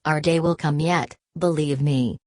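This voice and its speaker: Woman doing an earnest simple young guy, pleading, low voice, dry recording. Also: fairly even intonation, a little slow, a little mellow, no room sound. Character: earnest, simple-hearted young male nationalist.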